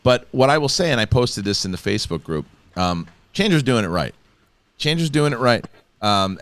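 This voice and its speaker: Rambling low-voiced man with a Chicago accent. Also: fairly bright tone, clean tone. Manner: rambling, repeats himself, swears. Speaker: host. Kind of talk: casual panel chat.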